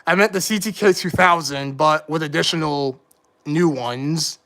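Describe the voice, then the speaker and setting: A man's voice: a little high, normal speed, a bit bright. Rambling man hosting a keyboard stream. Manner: rambling, self-correcting, mild frustration. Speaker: livestream host. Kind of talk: casual live commentary.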